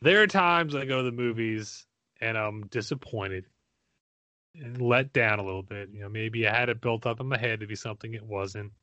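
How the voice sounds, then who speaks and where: A man's voice: on the low side, moderate pace, bright, forceful tone, dry recording, muffled recording. A man co-hosting a casual movie-review chat, ranting in an exasperated, profane way. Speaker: podcast co-host.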